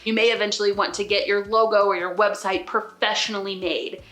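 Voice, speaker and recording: A woman's voice: mid-range voice, fairly even intonation, fairly quick, a bit bright, roomy sound. A woman hosting her own channel, giving enthusiastic and direct business advice straight to the camera. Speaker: channel host, business coach. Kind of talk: upbeat to-camera advice video.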